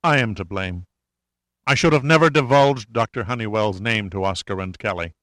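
A man's voice: lowish voice, moderate pace, a bit bright, no echo, lightly acted. Brief: remorseful woman in a storybook, trembling and pleading, voiced by a male narrator, dry close sound. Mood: shaken. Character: shaken remorseful woman conspirator. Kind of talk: audiobook character reading.

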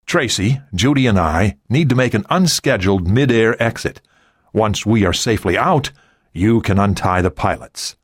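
A man voicing a smug, self-assured male hijacker in an audiobook, smooth and cocky. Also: fairly low pitch, lively intonation, moderate pace, no room sound, clean studio sound.

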